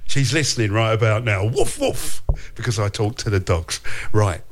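A man hosting breakfast radio with a London accent, chatting casually and reading listener messages in a playful way. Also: brisk. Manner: chatty and playful, animated pitch. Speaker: radio host.

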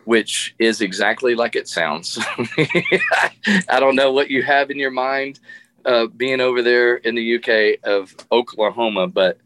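A middle-aged man tells a long story as a guest on a radio interview, animated and laughing often as he restarts his sentences. His voice sits at an ordinary pitch and the recording is dry and close. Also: a little slow, no echo. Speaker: guest musician.

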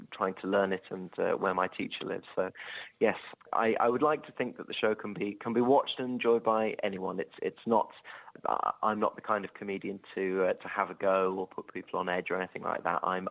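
An English man speaks in a fairly low voice, chatting about his comedy tour. He talks in an amiable, rambling way, full of restarts and self-deprecating asides. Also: creaky, a bit bright, low-quality recording. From England. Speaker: touring comedian.

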